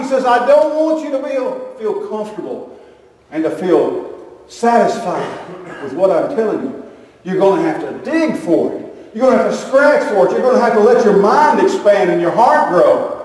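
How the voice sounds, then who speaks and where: A man's voice: sits high, expressive, brisk, a little mellow. A man preaching a sermon, telling stories with animation and acting out the voices of the people in them. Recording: echoey hall from a distance.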